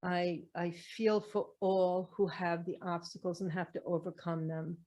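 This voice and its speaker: A woman's voice: lowish voice, little pitch movement, a little slow, a little mellow. A middle-aged woman, a spiritual teacher and medium, giving an earnest talk to camera full of repeated rhetorical questions.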